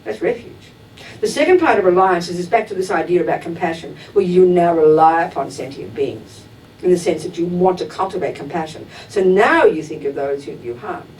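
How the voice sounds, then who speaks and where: A woman's voice: lively intonation, fairly quick, a little mellow. A woman giving a direct, emphatic Buddhist dharma talk to a class, acting out everyday examples as she goes. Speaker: Buddhist teacher. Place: teaching hall at a Buddhist center. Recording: distant mic with faint rumble.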